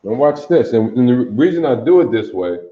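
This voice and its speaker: A man teaching an alphabet in a lesson, slow and deliberate, often quizzing his listeners with questions. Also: medium pitch, animated. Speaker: language teacher. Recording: roomy, dull lo-fi sound.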